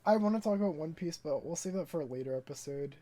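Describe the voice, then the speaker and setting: Mellow-voiced young man hosting a podcast. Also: a little high, expressive, fast talker. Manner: loose, joking, swears casually. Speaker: podcast host. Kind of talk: casual chat.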